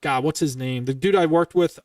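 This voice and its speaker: A podcast host in his twenties tells a long story in a casual, rambling way, heated and heavily profane. His voice is on the high side at a moderate pace. The recording is dry, with no room sound, and he's somewhat distant from the mic.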